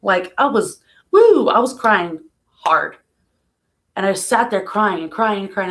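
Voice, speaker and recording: A woman talks casually into a home live stream at an ordinary middle pitch. She is soft-spoken and emotional, and she slips into small laughs through her sadness. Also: animated, a little slow. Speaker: vlogger. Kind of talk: casual vlog, talking about grief.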